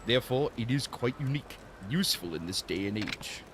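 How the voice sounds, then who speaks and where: A man's voice: medium pitch, expressive, background noise, natural voice. A man voicing a pompous old male martial arts master in a clumsy mixed accent, reading game dialogue aloud. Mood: lofty. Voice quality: clumsy mixed accent, drifting toward Australian or Scottish. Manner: theatrical, drawn-out old-man delivery.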